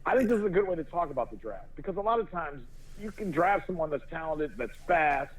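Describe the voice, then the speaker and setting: A man's voice: a little high, fast talker, poor audio. A man co-hosting a podcast, chatting about sports and chuckling often. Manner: animated, chuckling. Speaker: podcast co-host. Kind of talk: casual sports chat.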